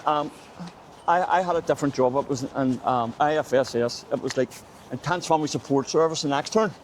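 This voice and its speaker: Belfast local guide, middle-aged man, loose storytelling chat on the street, mid-pitched voice. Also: a little fast, a little hiss or hum. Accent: Northern Irish (Belfast). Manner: chatty storyteller, says "mate" constantly. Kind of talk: casual walking-tour chat. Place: outdoors on city streets.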